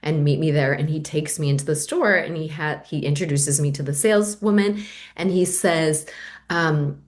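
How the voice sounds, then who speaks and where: A middle-aged woman, a podcast guest, telling a personal story in a candid, animated way and acting out the voices she quotes. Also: low voice, moderate pace.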